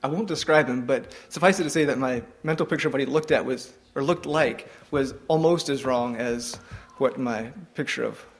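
Halting man musing with many ums. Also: mid-range voice. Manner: hesitant, frequent ums and restarts. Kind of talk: informal devotional talk.

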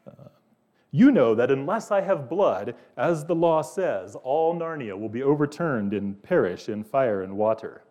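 A man's voice: expressive, measured pace, dark tone, natural voice. A man voicing a cold, cruel witch queen who insists and threatens, read aloud within a sermon. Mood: demanding. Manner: insistent, rising to shrill threats.

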